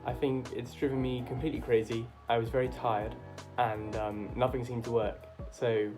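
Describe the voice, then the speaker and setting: A man's voice: medium pitch, little pitch movement, normal speed. Upbeat man explaining his gadget. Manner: upbeat, explains step by step while tinkering. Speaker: maker demonstrating a project. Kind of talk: casual DIY vlog narration. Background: faint background music.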